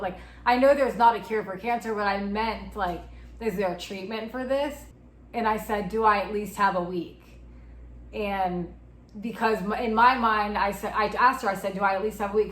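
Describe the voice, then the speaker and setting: A woman's voice: medium pitch, fairly bright tone, reverberant, low-quality recording. A woman in her twenties, speaking as an interviewee and candidly telling a personal story, often acting out what was said. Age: 20s. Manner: candid, retelling with quoted dialogue.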